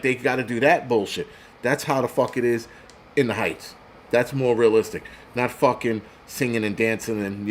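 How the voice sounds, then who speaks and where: A man hosting a livestream, ranting bluntly and profanely with lots of fillers. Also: mid-range voice. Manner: blunt, profane, swaggering rant with many fillers. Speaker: host.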